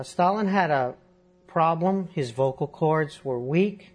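A man answering as a historian guest, explaining fluently and at length in a lecturing way. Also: fairly high pitch. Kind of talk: long-form interview.

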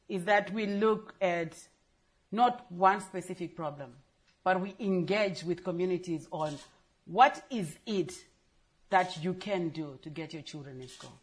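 A woman speaking on a conference panel for a girls' education charity, earnest and emphatic, repeating her key phrases. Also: fairly low pitch.

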